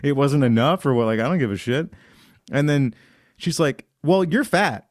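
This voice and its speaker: A man's voice: medium pitch, normal speed, darkish tone, dry recording, clean studio sound. A young man co-hosting a podcast, telling a long story in loose, profane casual chat and acting out the people he quotes. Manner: loose storyteller, swears a lot, acts out quoted voices. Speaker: podcast co-host.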